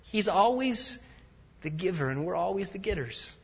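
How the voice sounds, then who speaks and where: A man preaching a sermon as a guest speaker, swinging from loud emphatic peaks to quiet, intimate asides. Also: high voice, expressive, normal speed, husky. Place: large church sanctuary. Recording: dull audio with long hall reverb.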